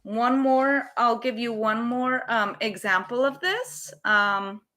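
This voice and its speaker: A woman teaching English in a live online lesson, explaining phrasal verbs slowly and carefully and encouraging her students. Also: a little high, animated, fairly bright tone.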